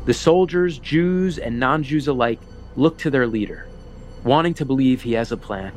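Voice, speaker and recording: A man's voice: mid-range voice, animated, faint music behind. Man narrating a war documentary. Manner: measured, dramatic storytelling. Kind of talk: scripted narration.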